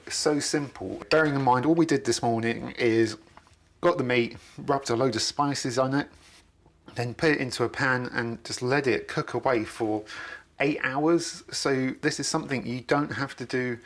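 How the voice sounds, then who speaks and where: A man's voice: medium pitch, fairly bright tone. A man, chatting enthusiastically while he cooks in his home kitchen for a video. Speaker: cooking vlogger. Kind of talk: casual cooking demonstration.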